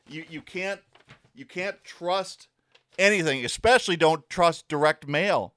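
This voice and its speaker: A man's voice: a little high, a little slow, fairly bright tone, no room sound, studio quality. A man hosting his own podcast, ranting in a sarcastic, worked-up way and swearing often. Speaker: podcast host. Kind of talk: casual ranting commentary.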